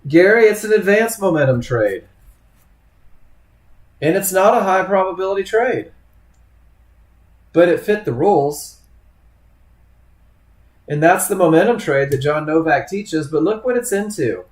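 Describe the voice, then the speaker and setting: A man's voice: high voice, lively intonation, a little slow, long pauses. A man leading a live trading webinar, talking casually to students by name and acting out traders' thoughts. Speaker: trading instructor. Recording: echoey room.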